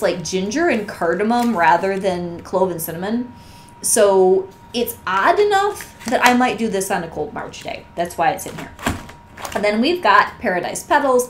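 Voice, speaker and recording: A woman gushes in a casual, conversational vlog, her voice strained and hoarse as it gives out. She talks at a middling pitch. The room sounds echoey, with a faint hiss of background noise. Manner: enthusiastic, gushing, conversational. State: losing her voice. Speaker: vlogger reviewing wax melts. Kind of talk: casual show-and-tell chat.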